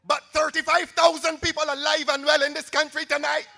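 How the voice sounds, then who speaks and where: A man's voice: extremely high pitch, level tone, fairly quick, gravelly, few pauses, pushed and bright, in a large hall. A Barbadian man giving a theatrical, sarcastic campaign rally speech. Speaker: political campaign speaker.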